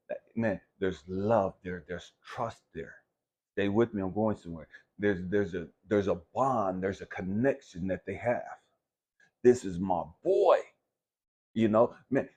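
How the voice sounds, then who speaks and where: A man giving an impassioned motivational talk, preachy and profane, swinging from low musing to loud outbursts. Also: husky. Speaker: motivational speaker.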